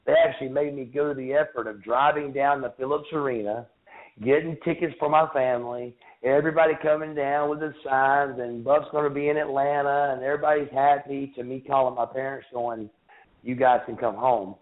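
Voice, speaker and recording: A man in his thirties speaks haltingly, stumbling and repeating himself as he recalls a painful memory. He comes through a tinny phone line with a narrow, boxy sound. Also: medium pitch, fairly even intonation. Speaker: guest. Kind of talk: emotional interview recollection. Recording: phone-line call-in audio.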